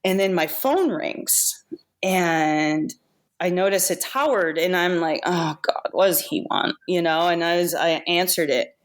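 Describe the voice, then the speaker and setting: A woman being interviewed on a podcast about her makeup effects career, telling animated anecdotes with laughs and restarts. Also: fairly low pitch, a little slow. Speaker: guest makeup effects artist. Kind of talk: casual storytelling interview.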